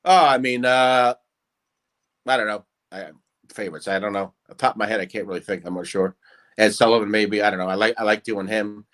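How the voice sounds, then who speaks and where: A man's voice: lowish voice, steady tone, fairly quick, a bit bright. A man chatting as a guest impressionist, rambling and hesitant with many fillers. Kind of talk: casual interview chat.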